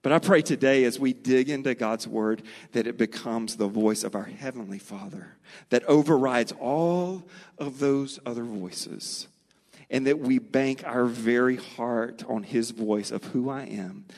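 A middle-aged man preaching a sermon, earnest and storytelling, slowing and speeding up for emphasis. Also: medium pitch, darkish tone. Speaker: pastor. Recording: long reverb of a large hall.

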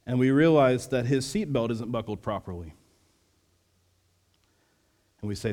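A man in his thirties preaching a sermon as pastor, earnest and measured, sometimes dropping to a soft, quiet delivery. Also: medium pitch, animated. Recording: long hall reverb.

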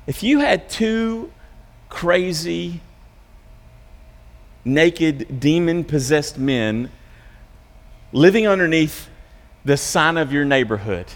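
High-voiced man preaching in a reverberant hall. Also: animated, slow, long pauses. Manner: conversational storytelling, restarts and repeats words. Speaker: pastor. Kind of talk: sermon.

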